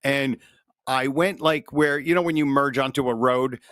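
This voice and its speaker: A man co-hosts a comedy podcast and tells stories in loose, profane chat. His voice is bright and forceful, sitting in the middle of a man's range. The sound is close and dry. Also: mid-range voice, moderate pace, dry recording. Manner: animated, profane anecdote-telling. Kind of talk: casual chat, storytelling.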